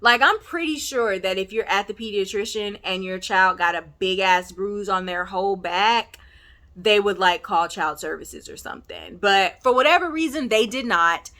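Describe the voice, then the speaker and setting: A woman casually recapping and reviewing a TV episode, chatty and full of fillers like "you know", with animated outbursts. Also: medium pitch, normal speed. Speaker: TV recap vlogger.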